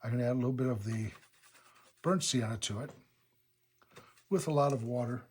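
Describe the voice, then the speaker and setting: A man with a slightly husky voice demonstrates a watercolor painting in his studio. He talks in a relaxed, unhurried way, thinking aloud about each step as he works. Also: medium pitch. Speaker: watercolor instructor.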